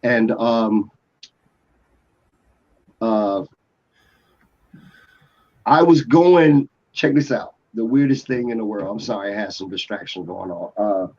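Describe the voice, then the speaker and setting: A music producer from Atlanta telling a rambling story in a casual interview, full of restarts and fillers. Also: male voice, on the low side, slow, long pauses, a little mellow. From Atlanta, USA. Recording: dull lo-fi podcast audio.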